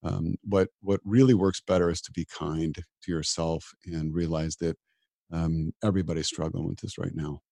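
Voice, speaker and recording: A man's voice: sits low, level tone, normal speed, gravelly, mellow, no room sound, clean studio sound. A middle-aged man, a disaster physician, talking earnestly in an interview and often repeating words as he starts a sentence. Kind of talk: reflective interview talk.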